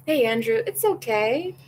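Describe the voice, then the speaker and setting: A woman's voice: a little high, a little mellow, slight background noise, rough recording. A young woman hosting a podcast, chatting candidly and with strong opinions, often acting out what other people said. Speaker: podcast host. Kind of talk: casual chat reacting to live comments.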